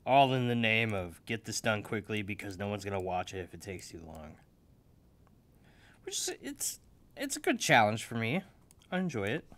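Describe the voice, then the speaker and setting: A young man making a beat in his office, joking at himself, loud one moment and mumbling the next, still waking up. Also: on the low side, big pitch swings, normal speed. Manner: joking, self-mocking, swings between loud and mumbled. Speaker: music producer. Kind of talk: casual talk while making a beat. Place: home office.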